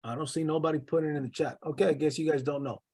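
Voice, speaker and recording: A man's voice: a little high, steady tone, racing, warm tone, breathy edge. A man coaching a sales team on a video call, talking in an emphatic, direct way and repeating his key points. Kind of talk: motivational sales training.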